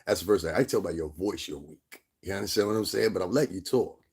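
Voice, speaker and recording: A man from Connecticut telling a long, profane story as a lecture to his viewers, sometimes mimicking others in a high voice. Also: fast talker, darkish tone, slightly rough. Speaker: vlogger. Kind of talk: angry storytelling rant.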